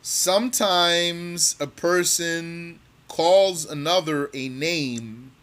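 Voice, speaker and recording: A male religious teacher works through a text at a very unhurried pace, reading each Arabic phrase and then translating and explaining it word by word. His voice sits a little high with a bright, forceful edge, and he often repeats a phrase to drive it home. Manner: slow and deliberate, repeating phrases. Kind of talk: line-by-line text lesson.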